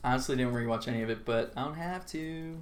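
A man's voice: medium pitch, fast. A man co-hosting a podcast in casual chat, rambling and laughing often. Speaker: podcast co-host.

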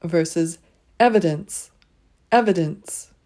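A woman leading a pronunciation drill, saying each word twice and pausing so listeners can repeat. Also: on the low side, mellow. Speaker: pronunciation teacher.

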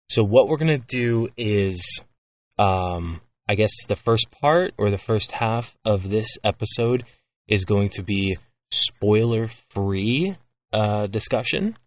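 Low-voiced man co-hosting a movie podcast. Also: far from the mic. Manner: relaxed, chatty with fillers and laughs. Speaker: podcast co-host. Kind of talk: casual movie review chat.

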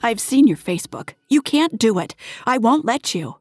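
A woman's voice: fairly high pitch, very animated, moderate pace, husky, faint music behind, pitched above the performer's own voice. A woman voicing a demanding, stuck-up young man who is bossy and spluttering, in an audio story. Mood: indignant.

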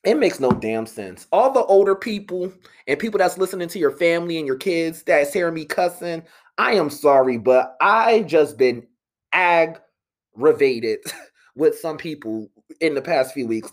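A young man in an animated, profane, exasperated rant, slipping into mocking voices. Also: a little high. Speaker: commentator. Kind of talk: ranting monologue.

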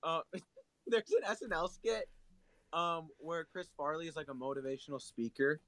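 A man's voice: on the high side, normal speed, pushed and bright, no room sound, low-quality recording. A young man co-hosting a casual podcast chat, joking, teasing and rambling. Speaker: podcast co-host.

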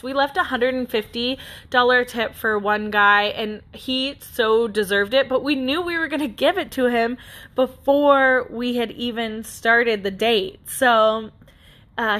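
Woman podcaster rambling earnestly, bright voice, kinda high, lots of restarts. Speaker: podcast host. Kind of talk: casual personal monologue.

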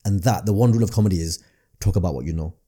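A man with a Northern English accent, chatting as a comedian guest on a podcast. He talks quickly in a low, dark voice and often repeats words as he restarts a thought. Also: breathy edge. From Northern England. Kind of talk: casual podcast chat.

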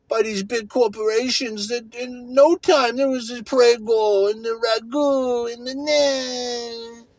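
A man's voice: very high-pitched, dry recording. A man telling a rambling comic story, laughing at his own jokes and throwing his voice around.

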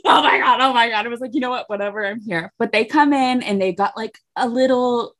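A woman's voice: a little high, brisk, hardly any pauses, a bit bright. A young woman co-hosting a casual chat podcast, telling gossipy stories about her family and acting out what each person said. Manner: gossipy storytelling, acts out quoted voices. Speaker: podcast co-host.

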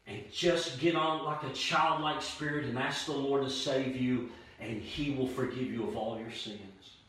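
A man preaching an evangelistic sermon, with emphatic, dramatic pauses. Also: a little high, fairly bright tone. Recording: very echoey room, voice far from mic.

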